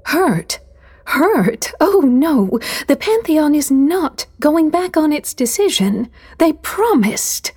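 A woman voicing a vengeful, airy sylph mother with a breathy, whispery, sing-song voice in an audio drama, in the style of a whispered role-play. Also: a little high, animated, slow, dark tone, heavily acted. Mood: alarmed. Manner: sing-song, doting yet spiteful.

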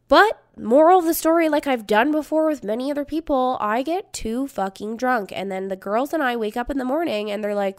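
A woman in her thirties tells a story on her podcast, swearing freely and acting out the lines of her friends. Her voice sits a little high, and she chats casually and animatedly. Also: fast talker. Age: 30s. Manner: profane, animated, acts out quotes. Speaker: podcast host.

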